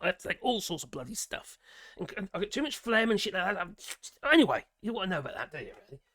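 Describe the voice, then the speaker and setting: A British man with a raspy voice, talking in a sarcastic, exasperated rant and swearing freely. His pitch swoops up and down as he talks. The sound is dry and close, with no room echo. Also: very animated, quick pace, fairly bright tone. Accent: British English. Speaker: political commentator. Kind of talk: casual ranting commentary.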